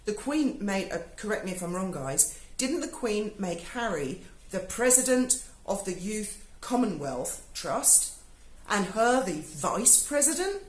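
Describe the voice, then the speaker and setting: A woman's voice: mid-range voice, sing-song, measured pace, reverberant, rough recording. A British woman, giving a sarcastic, sweary video review monologue. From Britain. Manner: sarcastic, swears freely, mocking asides. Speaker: YouTuber. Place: home in Spain.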